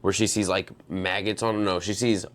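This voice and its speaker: A man's voice: deep voice, flat delivery, a little fast. A man co-hosting a casual movie review podcast, retelling the plot and acting out the characters' lines. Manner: retells plot, acts out characters, drops to a hush. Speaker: podcast co-host.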